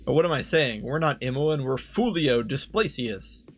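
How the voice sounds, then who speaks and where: A man's voice: mid-range voice, lively intonation, moderate pace, a little hiss or hum. Rambling young man playing a game. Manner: rambling, self-questioning, laughs easily. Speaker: let's play host. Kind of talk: casual game commentary. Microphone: desk microphone.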